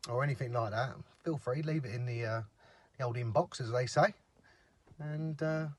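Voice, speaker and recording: A man's voice: mid-range voice, moderate pace, no room sound. A man chatting to camera by a lake in a gossipy, chatty way, swearing freely. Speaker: fishing vlogger. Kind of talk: casual chat to camera. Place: outdoors by a lake.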